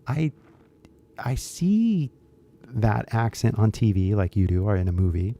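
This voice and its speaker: A man with a Californian accent talks bluntly and rambles to viewers of his English-teaching channel, mixing in some Japanese. His voice is lowish, warm and creaky, and he speaks fairly quickly.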